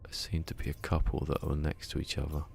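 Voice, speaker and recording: Very deep gravelly streamer. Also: male voice, monotone, fast, darkish tone, slight background noise. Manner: rambling, muttering to himself. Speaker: game streamer. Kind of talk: casual live gameplay commentary.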